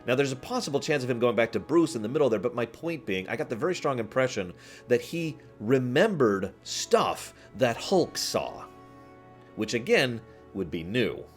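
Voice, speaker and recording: A man streaming, chatting casually with his viewers in a rambling, animated way, often laughing and acting out scenes. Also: medium pitch, normal speed, soft background music. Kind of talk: casual chat with live chat.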